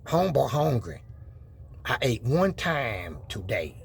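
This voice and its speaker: Husky man, slow and preachy. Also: medium pitch, expressive, no echo. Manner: preachy, boastful, talks to viewers as y'all. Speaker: vlogger showing his truck build. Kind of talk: casual chat to viewers.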